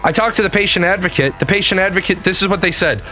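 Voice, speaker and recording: High bright-voiced man ranting. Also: quick pace, few pauses, soft background music. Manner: exasperated, swears a lot, acts out phone calls. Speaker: podcast host. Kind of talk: profane storytelling rant.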